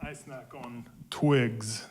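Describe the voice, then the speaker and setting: A man's voice: mid-range voice, steady tone, drawn-out words, darkish tone. A man voicing a stubborn, contrary squirrel in a storybook read-aloud, drawing out each reply.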